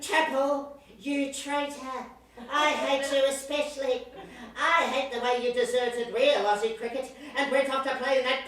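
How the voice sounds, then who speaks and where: A woman acting out a spiteful old man who runs the cricket board, gloating and sneering with a high, bright voice. It is a stage comedy, recorded from far off in a very echoey theatre. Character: spiteful elderly male cricket board chief.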